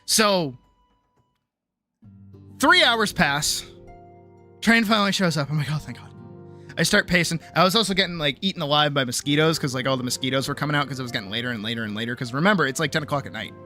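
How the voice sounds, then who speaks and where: A woman streamer casually telling a story, animated and exasperated, swearing freely and acting out the people she talks about. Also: low-pitched, fast talker. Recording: faint music behind.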